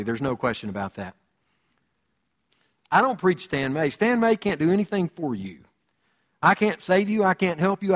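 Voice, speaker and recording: A pastor preaching a sermon, repeating key phrases and swinging between loud high passages and low, quiet ones. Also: male voice. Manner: preaching with sweeping rises and drops in pitch and volume.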